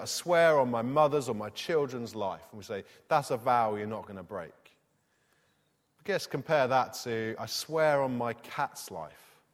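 A man preaching a sermon in a conversational way, reading scripture aloud and asking the congregation questions. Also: medium pitch. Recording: long hall reverb.

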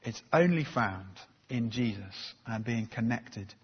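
Husky preacher in a reverberant church. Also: male voice, medium pitch, expressive, unhurried. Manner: conversational, self-deprecating, many fillers. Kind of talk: sermon. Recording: dull sound with long reverb.

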